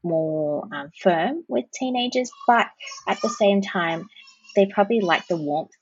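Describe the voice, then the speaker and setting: Husky-voiced woman counsellor, lo-fi. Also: medium pitch, expressive, a little slow, no room sound. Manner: explains with demonstrated soothing phrases. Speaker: parenting counsellor guest. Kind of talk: conversational podcast interview.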